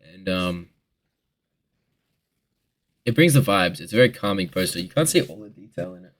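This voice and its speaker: A man's voice: low voice, lively intonation, normal speed, fairly bright tone. A twenty-year-old Australian man answering viewer questions in a rambling, joking casual chat, swearing freely.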